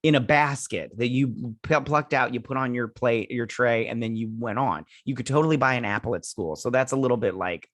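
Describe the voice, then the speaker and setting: A man's voice: medium pitch, fairly quick, few pauses, a bit bright, dry recording, studio quality. Rambling, sassy man recapping an episode. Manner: rambling, filler-heavy, sassy asides. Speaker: show reviewer, host. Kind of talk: casual episode recap and review.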